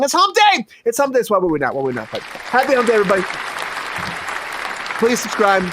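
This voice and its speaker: A man's voice: very high-pitched, sing-song, a little fast, a bit bright, dry recording, clean studio sound, some chatter behind. A man hosting a comedy show, rambling in goofy riffs. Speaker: host. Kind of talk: casual comedy show chat.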